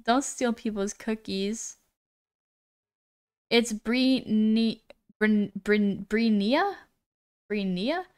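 Woman streamer reading chat out loud, smooth kinda high voice, keeps saying sorry for names. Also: extremely slow, pauses often. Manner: reads chat aloud, apologetic, stumbles over names. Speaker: live streamer. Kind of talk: casual live-stream chat.

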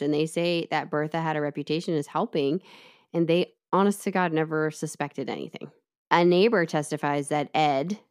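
Woman w a low voice walking her friend thru a crime case, chatty, tosses in side comments. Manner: chatty, lively retelling with asides. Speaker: podcast co-host telling the case. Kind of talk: casual true-crime storytelling.

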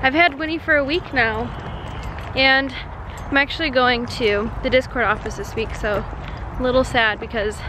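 Young woman vlogger, high voice, chatty and cooing, light background hiss. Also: steady tone, moderate pace. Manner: cooing baby talk to a puppy, chatty asides to viewers. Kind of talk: casual vlog with a new puppy.

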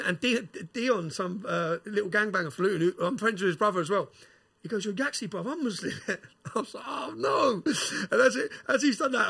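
A man tells a rough story on a podcast, animated and quick. His voice sits high and sounds husky, with a bright edge. He swears and uses slang. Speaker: podcast guest. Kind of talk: casual storytelling.

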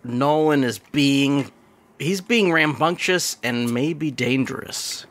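A man co-hosting a casual movie review podcast who retells scenes animatedly and acts out the characters in quick voices. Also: medium pitch. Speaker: podcast co-host.

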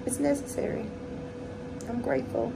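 Gravelly-voiced woman talking candidly. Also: high-pitched, fairly even intonation, moderate pace, heavy background noise. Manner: candid, heartfelt. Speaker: vlogger. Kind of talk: casual vlog chat. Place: indoors at home.

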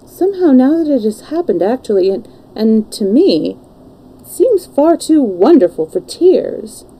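A woman reading the part of an impulsive, anguished young English gentleman in a storybook, with emotional, pleading delivery. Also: fairly high pitch, big pitch swings, measured pace, breathy edge, pitched above the performer's own voice, full character voice, poor audio. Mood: wistful.

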